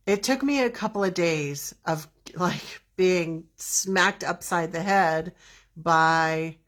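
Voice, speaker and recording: Slow-talking low-voiced woman telling a story. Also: a bit bright. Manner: rambling, restarts often, drawn out. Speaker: host. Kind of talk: casual storytelling monologue.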